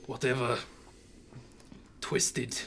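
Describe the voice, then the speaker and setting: Man doing a hushed, frail old man. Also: medium pitch, little pitch movement, very slow, a little hiss or hum. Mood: ashamed.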